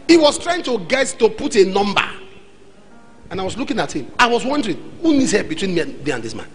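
A man's voice: high voice, fairly quick, pauses often, faint music behind, poor audio. A man with a Nigerian accent preaching a sermon as pastor, acting out the voices in his stories. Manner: animated, acts out dialogue, shifts between loud and soft. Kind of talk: sermon with acted anecdotes.

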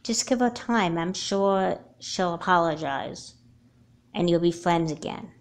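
A woman voicing a sensible older teen sister in a homemade doll movie, giving calm reassuring advice. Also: fairly low pitch, measured pace.

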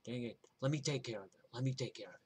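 A man playing a big, friendly, tough club owner who talks in a gruff, streetwise way. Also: medium pitch, quick pace, lightly acted.

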